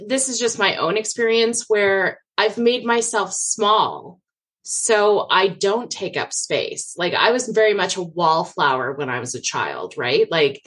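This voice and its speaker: Husky-voiced woman co-host, lively pitch. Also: unhurried. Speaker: podcast co-host. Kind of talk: casual chat.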